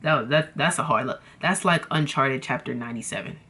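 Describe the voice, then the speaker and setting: A woman's voice: rumbling low, a little fast, breathy edge. A young woman vlogger telling a storytime in a casual, dramatic, slangy way, talking straight to her viewers. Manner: animated, dramatic, slangy, addresses viewers as y'all.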